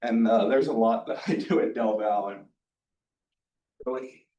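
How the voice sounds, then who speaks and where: A man's voice: mid-range voice, fairly even intonation, unhurried, warm tone, dull audio. A young man in his twenties giving a casual, chatty presentation with lots of ums and asides. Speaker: student presenter at a career night. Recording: echoey room, distant mic.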